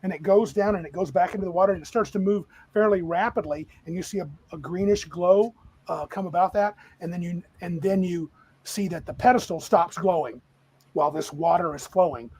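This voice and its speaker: Man, game master, narrating tabletop game, lively, rambling, husky, higher voice. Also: brisk, poor audio.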